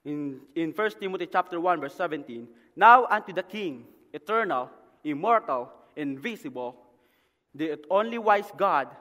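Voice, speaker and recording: A missionary preacher from the Philippines delivering a sermon, dotting his lines with "amen" and building to loud, emphatic passages. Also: a little high. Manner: repeats "amen" as a call to the congregation. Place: church sanctuary. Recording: long hall reverb.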